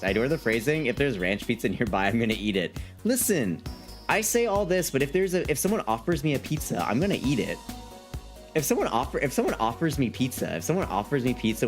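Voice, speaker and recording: A man chatting casually on a live stream, reading chat aloud in a playful, rambling way and repeating himself. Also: fairly low pitch.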